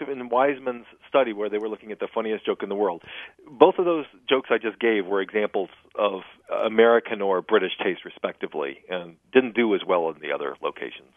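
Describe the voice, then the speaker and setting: A man being interviewed as a humor expert, explaining jokes in an animated way and laughing at his own punchlines, heard over a phone line. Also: on the low side, no echo. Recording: dry, tinny phone line.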